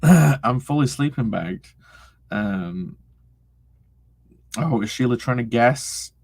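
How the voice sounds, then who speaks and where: Gravelly young man chatting with his stream. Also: mid-range voice, animated, slow pace, a little mellow. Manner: loose and profane, reading chat aloud, laughing often. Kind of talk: casual livestream chat.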